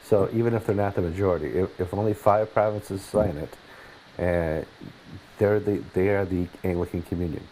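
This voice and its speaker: An easygoing American man hosts a casual newscast, laughing readily and often restarting his sentences. His voice sits on the low side. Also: fairly even intonation, moderate pace, warm tone, slight background noise, low-quality recording. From United States. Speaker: host. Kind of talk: casual news chat.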